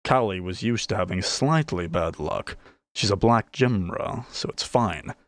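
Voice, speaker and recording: A man reading a fantasy audiobook in a lowish voice. His delivery rises and falls in a lively way. The sound is close and dry with no room echo. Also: unhurried. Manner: expressive storytelling. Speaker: narrator. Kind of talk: audiobook narration.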